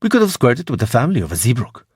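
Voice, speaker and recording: A man's voice: mid-range voice, wildly swooping pitch, rapid-fire, breathy edge, dry recording, studio quality. A man voicing an insistent, pushy financier in an audiobook.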